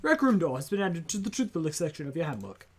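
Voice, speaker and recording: A woman's voice: lowish voice, big pitch swings, fast talker, slight background noise, pitched below the performer's own voice. A woman reading an earnest teenage boy hero. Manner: reads narration aloud, stumbling at times. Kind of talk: amateur game voice reading.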